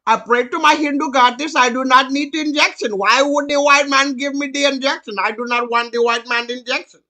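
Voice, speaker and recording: A man's voice: very high voice, fairly even intonation, fairly quick, pushed and bright, full character voice. A man voicing a stubborn, devout man who insists he refuses an injection, repeating himself. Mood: defiant.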